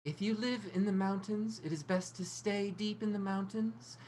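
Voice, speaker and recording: A woman voicing an entranced young woman who recites in a flat, trance-like way. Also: medium pitch, normal speed, slight background noise, pitched above the performer's own voice, lightly acted, poor audio.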